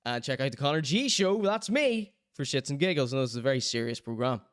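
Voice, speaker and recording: Joking man, smooth dry voice. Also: mid-range voice, lively intonation, fast talker, a bit bright, no echo. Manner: joking, self-mocking, rambling asides. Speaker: show host. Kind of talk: casual merch plug on his own online show.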